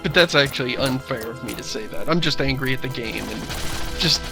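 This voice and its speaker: A man's voice: mid-range voice, a little fast, gravelly, music in the background. A man co-hosting a casual video game commentary, recapping the story in a wry, sardonic way. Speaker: co-host of a game commentary show. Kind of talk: casual gaming commentary chat.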